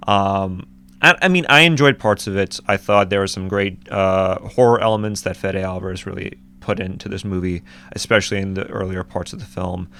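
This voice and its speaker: A man's voice: deep voice, steady tone, normal speed, sharp tone, clean tone. A man co-hosting a casual movie review chat, speaking with frequent restarts and fillers. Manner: hesitant, many restarts and "um"s.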